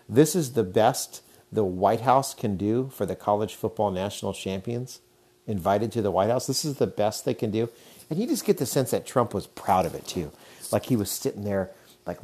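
A man's voice: lowish voice, expressive, moderate pace, mellow. A man in his thirties hosting a casual solo podcast, chatty, laughing often and using lots of fillers. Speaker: podcast host.

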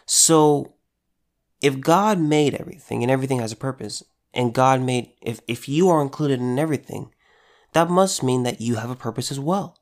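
A man's voice: mid-range voice, normal speed. A man giving an informal devotional talk in an earnest, conversational way, repeating phrases for emphasis. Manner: earnest, conversational, with repetitions and restarts. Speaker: preacher.

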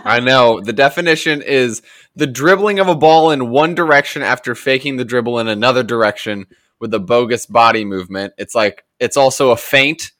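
A man hosting a casual soccer podcast, easygoing and relaxed, sometimes humming a little jingle. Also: mid-range voice, normal speed, dry recording, clean studio sound. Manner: easygoing, hums a little jingle when announcing segments. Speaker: podcast host running a soccer segment.

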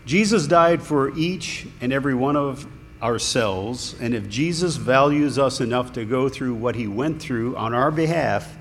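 A man's voice: mid-range voice, a little slow, fairly bright tone. A man preaching a sermon in a conversational, earnest way, with small restarts. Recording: long hall reverb, faint room noise.

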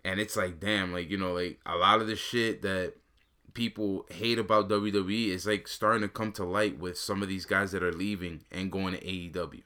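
A man's voice: sits low, fairly even intonation, normal speed, bright, forceful tone, clear, resonant tone. A man in casual chat as a co-host, talking loosely and slangily, rambling with lots of fillers.

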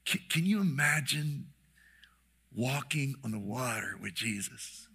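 A pastor preaching an impassioned sermon, swinging from shouts to hushed whispers. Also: male voice, mid-range voice, animated, measured pace, husky.

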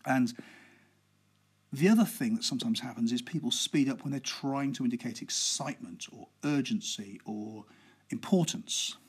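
A relaxed male podcast host covers public speaking with a medium-pitched, husky voice that carries a slight breathiness. He talks conversationally, keeps things intentionally slow, and uses fillers along the way.

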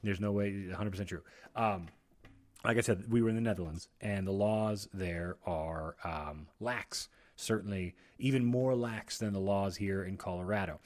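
A man's voice: low-pitched, moderate pace. An American man casually telling a rambling personal story, with many restarts and laughing asides. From United States.

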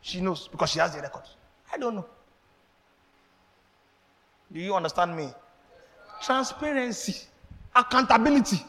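A man preaching a sermon as pastor, animated, acting out exchanges and laughing as he speaks. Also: sits high, normal speed, pauses often, long reverb tail.

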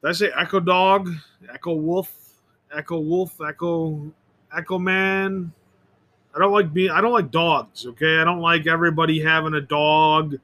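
A rambling, opinionated man delivering a solo monologue, his voice pitched high for a man. He often trips over words and circles back on himself. The tone is bright and sharp throughout. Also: fairly even intonation, normal speed. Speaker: podcast host.

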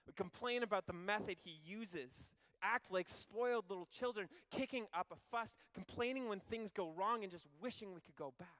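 A man preaching a sermon, retelling a story in an animated, conversational way with wry asides. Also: high voice, normal speed, few pauses.

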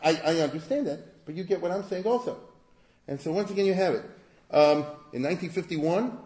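A man gives an informal history lecture, conversational and digressive, often asking rhetorical questions. His voice is mellow. The room gives noticeable echo. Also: fairly high pitch, a little fast.

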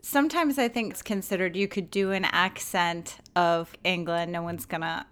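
A woman's voice: fairly low pitch, moderate pace, a bit bright. A woman interviewing a guest in a casual chat, thoughtful and searching for words as she asks her questions.

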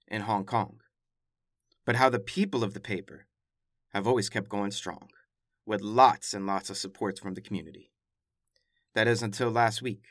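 A man's voice: fairly low pitch, fairly bright tone, no echo, clean studio sound. A man hosting a news podcast, reading headlines and commenting in a casual, emphatic way with wry asides. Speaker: podcast host.

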